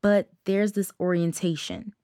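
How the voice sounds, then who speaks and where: A woman's voice: lowish voice, fairly even intonation, measured pace, warm tone, no echo, studio quality, close to an everyday voice. A woman voicing a nervous, hesitant teenage girl in a storybook reading. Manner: nervous, careful.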